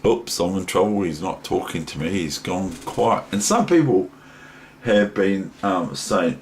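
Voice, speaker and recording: A man's voice: low voice, lively intonation, unhurried, low-quality recording. An older man with a New Zealand accent, a chess teacher rambling casually and chatting to his toys with many ums. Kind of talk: casual vlog chat.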